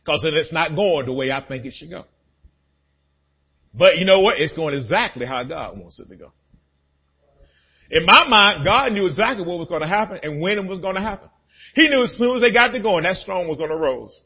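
Male pastor, sermon, lively dramatic delivery, high voice, dull lo-fi recording. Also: brisk, pauses often, breathy edge. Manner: animated, dramatic, conversational preaching.

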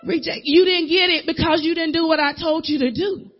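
A woman's voice: very high-pitched, fairly even intonation, brisk. Woman minister preaching, muffled recording. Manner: emphatic, repetitive, acts out voices in casual dialect. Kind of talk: sermon.

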